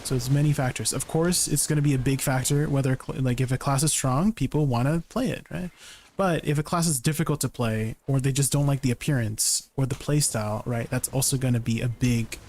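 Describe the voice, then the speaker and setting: A man's voice: mid-range voice, brisk, a little mellow. Chatty male game streamer. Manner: chatty, answers chat questions, tags sentences with "right?". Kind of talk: casual livestream chat while gaming.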